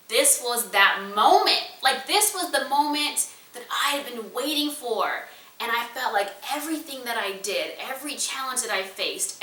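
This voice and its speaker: A woman entrepreneur and speaker telling a personal story to an audience in an animated, conversational way. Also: mid-range voice, distant mic. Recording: roomy echo, voice a bit away from the mic.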